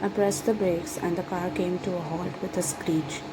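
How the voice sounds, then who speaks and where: Woman narrating a romance story, low voice. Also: moderate pace. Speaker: fan fiction reader. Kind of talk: first-person story narration. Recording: steady background noise.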